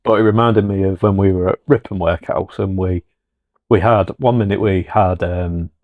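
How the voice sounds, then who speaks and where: A man co-hosting a podcast, chatting casually and relaxed as he recalls an evening. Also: low voice, normal speed, no echo, narrow, tinny audio. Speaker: podcast co-host. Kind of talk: casual chat.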